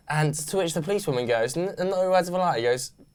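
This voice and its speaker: A man's voice: high-pitched, expressive, fast, clear, resonant tone. A man telling a story in casual chat, laughing often and acting out what people said. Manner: laughing often, acts out quoted dialogue. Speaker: show regular.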